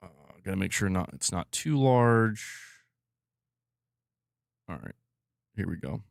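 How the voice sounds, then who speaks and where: A man's voice: low-pitched, lively intonation, slow, creaky, dry recording, clean studio sound. A man hosting a live stream, chatting casually and bluntly, swearing and laughing a lot while reading viewer comments. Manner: blunt, profane, laughs often.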